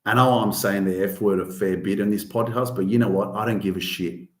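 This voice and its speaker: A man's voice: on the low side, fairly even intonation, fairly quick. A man hosting a casual motivational podcast, talking emphatically, swearing often and pushing his voice up on key points. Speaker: podcast host. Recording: roomy echo.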